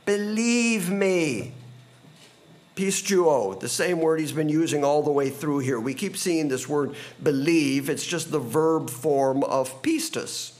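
A man preaching a verse-by-verse sermon as pastor, earnest and emphatic, stacking repeated phrases and slowing to stress key words. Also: darkish tone. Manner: slows down and rises in pitch on key phrases. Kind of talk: expository sermon.

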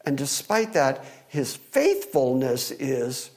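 Male Bible teacher, slightly higher pitch, earnest expository delivery, rhetorical questions, speaking into a mic. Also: lively intonation, unhurried, a little mellow. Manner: wry aside about holding the microphone. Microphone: microphone.

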